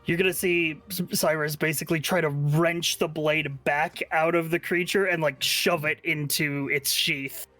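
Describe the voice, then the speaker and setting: A man's voice: fairly high pitch, fairly even intonation, moderate pace, few pauses, bright, forceful tone, soft background music. A man playing a tabletop game, explaining his rolls casually with a lot of swearing, "like" and "uh". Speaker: player.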